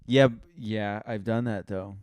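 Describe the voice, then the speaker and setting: A man's voice: lowish voice, steady tone, unhurried, darkish tone, no room sound. A young man co-hosting a casual podcast chat, joking and teasing his co-host.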